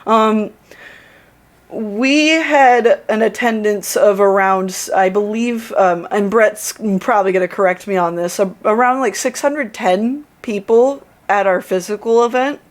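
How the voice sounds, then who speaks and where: A woman's voice: mid-range voice, unhurried. A woman hosting a livestream's closing remarks, thanking the team in a bubbly, effusive way. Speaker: convention staff host.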